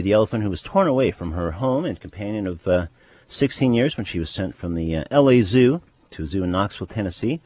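A man hosting a radio show, speaking haltingly with many pauses and fillers. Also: lowish voice, a little mellow, dry recording. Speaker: radio host.

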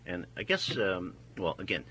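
A man hosting a casual talk, speaking haltingly with frequent restarts. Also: low voice, big pitch swings, pushed and bright, a little hiss or hum, low-quality recording. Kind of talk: casual discussion.

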